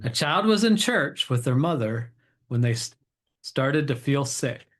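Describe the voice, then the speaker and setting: Give me a middle-aged male host reading jokes in a relaxed, upbeat way, at a medium pitch. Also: measured pace. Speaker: podcast host. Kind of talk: casual chat reading jokes. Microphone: table mic set away from the speakers.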